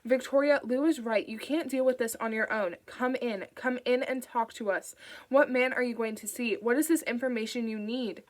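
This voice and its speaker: A patient woman investigator who coaxes rather than commands, as a woman narrator puts her on. She keeps her voice calm and even. It is an audiobook reading. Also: a little high, normal speed, lightly acted. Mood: pressing.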